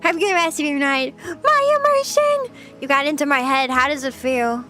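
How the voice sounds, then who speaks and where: A woman's voice: high-pitched, fairly quick, bright, forceful tone, faint music behind. A young woman streaming casual chat, playful and chatty, often giggling as she reads her chat. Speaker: VTuber streamer.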